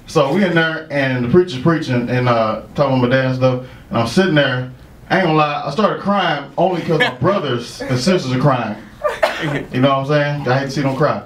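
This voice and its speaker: A stand-up comedian with a brisk, mid-range voice tells a story packed with swearing, laughing at his own jokes. The room is echoey, with crowd noise.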